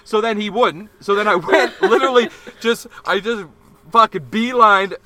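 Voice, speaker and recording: Young man, bright and a bit high-pitched, profane rowdy storyteller who shouts out the quotes. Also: moderate pace. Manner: acts out quarrels in a loud shouting voice. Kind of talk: casual chat, storytelling.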